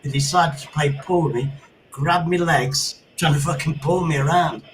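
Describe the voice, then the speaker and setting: A man's voice: fairly high pitch, fairly even intonation, normal speed, slight background noise, low-quality recording. A middle-aged man, telling sweary anecdotes in casual chat on a livestream. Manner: swearing anecdotes with sound effects. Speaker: livestream host.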